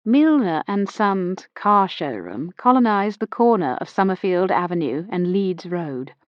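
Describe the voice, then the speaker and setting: A woman narrating a period mystery audiobook in the first person, measured and wry. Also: fairly low pitch, very animated, no room sound, lo-fi sound.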